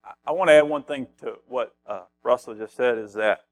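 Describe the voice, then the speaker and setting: A middle-aged man gives a conversational sermon. He reads scripture aloud and repeats key phrases for emphasis. His voice sits at an ordinary pitch for a man, recorded dry with almost no room sound. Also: fairly quick, dry recording, faint music behind. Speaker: pastor.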